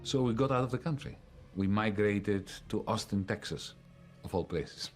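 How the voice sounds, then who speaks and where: A middle-aged man from Greece, narrating his own story for a documentary in a measured way, pausing with the odd filler. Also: lowish voice. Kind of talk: first-person documentary narration. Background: music.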